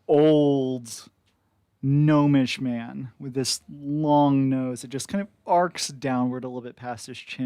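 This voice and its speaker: A man's voice: mid-range voice, fairly even intonation, slow, dark tone, clear, resonant tone, no room sound. A man running a tabletop game, describing the scene in a loose, chatty way. He drops in plenty of fillers as he goes. His voice sounds close and dry. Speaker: game master.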